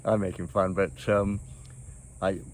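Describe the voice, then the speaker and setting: An older man hosts, spinning loose, meandering stories with plenty of "you know" and little chuckles. His voice sits a bit low. A faint hum of night insects hangs behind him. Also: level tone, a little slow. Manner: rambling, chuckles often, many fillers and restarts. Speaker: host. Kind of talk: casual reminiscing storytelling.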